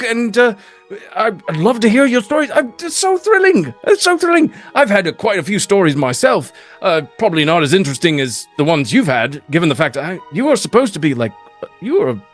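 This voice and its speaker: Eager bird-folk sailor, voiced by a man, high pitched, stumbling over words. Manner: eager, stammering. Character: excitable bird-folk sailor, male, warm.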